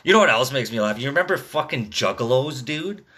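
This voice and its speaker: A man's voice: mid-range voice, expressive, fairly quick, pushed and bright, husky. A man in his thirties rambling through a casual, profane rant, tagging his sentences with "dude" and "man.". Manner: rambling, swearing constantly, drawled "dude" and "man" tags.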